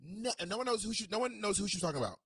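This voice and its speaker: A man's voice: high-pitched, very fast, breathy edge. A man co-hosts a casual chat, telling gossipy stories in a bouncy voice that climbs and falls a lot. The sound is dry and close, with no room echo. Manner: animated storytelling, gossipy. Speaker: podcast co-host.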